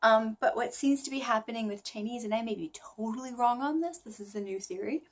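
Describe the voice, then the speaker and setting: A tired woman talking through her language study in a casual vlog, musing and questioning herself as she goes, with frequent pauses and fillers. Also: a little high, a little hiss or hum. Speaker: language learner vlogger. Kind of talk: casual thinking-aloud vlog.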